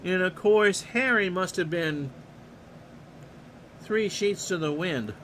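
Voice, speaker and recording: A man streaming a simulated ballgame, giving relaxed play-by-play between musing chat asides and livening up on big plays. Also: high voice, takes it slowly, a little hiss or hum.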